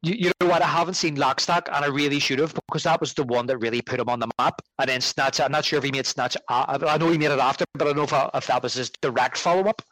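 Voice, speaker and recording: A man's voice: medium pitch, steady tone, fast, few pauses, fairly bright tone, low-quality recording. A man, a podcast guest in casual chat, rambling and correcting himself as he talks. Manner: rambling, self-correcting, conversational.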